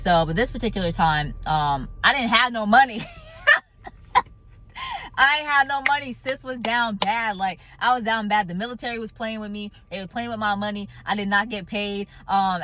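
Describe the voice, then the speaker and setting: A young adult woman telling a casual storytime vlog, animated and laughing often. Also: mid-range voice. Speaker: vlogger.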